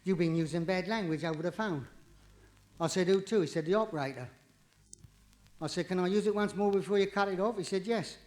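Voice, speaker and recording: A man doing live stand-up comedy, cheeky and quick, with jokes that rise into punchlines. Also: high voice, darkish tone, soft background music. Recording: vinyl live recording, audience laughter, distant.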